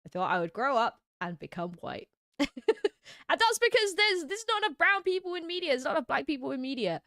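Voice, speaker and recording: A woman's voice: sits high, very animated, brisk, bright, forceful tone, no room sound, clean studio sound. A young woman from Britain chatting on a livestream and reading out viewers' messages, with a slightly scratchy throat. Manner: chatty, reads chat messages aloud. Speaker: streamer. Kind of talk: casual livestream chat.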